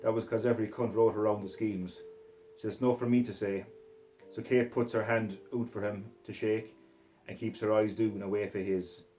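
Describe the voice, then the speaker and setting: A man reading a story aloud in the first person, putting on a Scottish accent and talking in a rough, swaggering way. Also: lowish voice, flat delivery, moderate pace, mellow, soft background music. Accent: put-on Scottish accent. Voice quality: rough, profane, swaggering narration in character. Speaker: reader of a short story.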